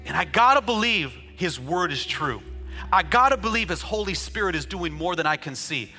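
A man preaching a sermon as a pastor, chatting and joking with the congregation before building up to loud, rhythmic declarations. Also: high voice, lively intonation, normal speed, soft background music. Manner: conversational preaching with jokes, rising to shouted declarations.

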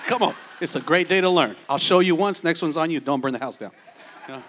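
A man pastor delivering a sermon, moving between playful asides and loud, shouting exhortation. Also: a little high, brisk.

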